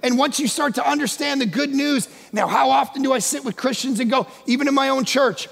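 A male guest pastor preaching a sermon in a church, emphatic and often shouting. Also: very high voice, brisk, vocal fry, husky. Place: church sanctuary. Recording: long echo of a large church hall.

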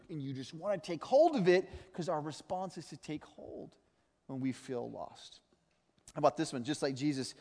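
A middle-aged man preaches from the pulpit, his voice sitting a little high for a man. He tells stories with animated energy and slips into quick impressions of other people. The long reverb of a church hall trails after his words. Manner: animated storytelling, mimicking voices. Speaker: pastor. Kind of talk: sermon.

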